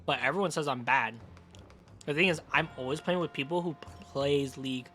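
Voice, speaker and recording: A man's voice: a little high, a little fast, a bit bright, faint music behind. A man streaming and chatting casually about games, rambling and swearing freely.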